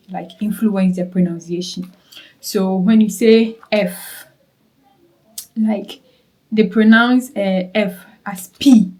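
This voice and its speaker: A woman's voice: medium pitch, mellow, poor audio. A young Ghanaian woman with a Ghanaian accent, chatting casually to her viewers in a travel vlog, repeating words for emphasis and checking in with them. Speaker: travel vlogger.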